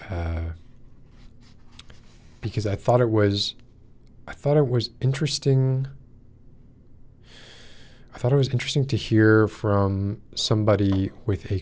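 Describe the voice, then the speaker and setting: Low-voiced man rambling on a livestream. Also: a little mellow. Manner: rambling, many fillers, greets live chat. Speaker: podcast host. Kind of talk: casual livestream chat and reading aloud. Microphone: wears in-ear monitors.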